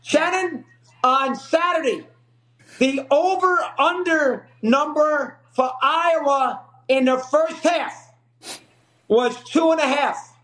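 A man ranting excitably as a guest on a sports debate show, talking fast and shouting. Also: very high-pitched, low-quality recording. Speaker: guest commentator.

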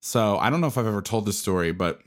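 A man's voice: on the low side, expressive, fast talker. A man who coaches football, telling a casual story and acting out the conversations in it.

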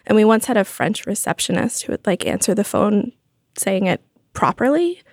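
A woman's voice: medium pitch, expressive, moderate pace, darkish tone, breathy edge, dry recording, clean studio sound. A woman guest on a podcast, a food writer, chatting and telling anecdotes with a lot of "like". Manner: chatty, storytelling, lots of "like". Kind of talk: casual chat. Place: studio.

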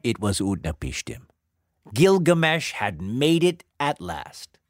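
A man narrating a myth as a story, in an expressive, dramatic way. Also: mid-range voice, slow, dry recording. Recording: dry close sound with faint music.

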